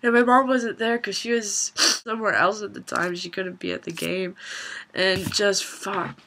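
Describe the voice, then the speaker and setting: A woman's voice: mid-range voice, fairly even intonation, a little slow, gravelly, bright, forceful tone, a little hiss or hum. A young woman vlogging a funny personal story in a casual, chatty way, swearing and laughing as she goes.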